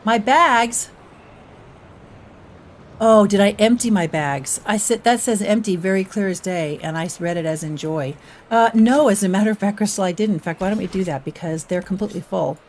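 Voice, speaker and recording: A woman's voice: mid-range voice, brisk. A woman chats her way through a live gameplay stream. She rambles casually, hops between topics and reads her chat aloud. Her delivery stays loose and conversational. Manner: chatty, rambling, talks to chat between game actions.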